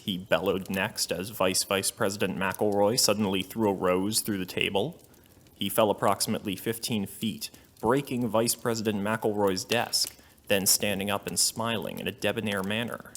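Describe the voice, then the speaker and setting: A man giving a deadpan comedic reading of a fanfiction story. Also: lowish voice, normal speed, slight background noise. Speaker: fanfiction reader.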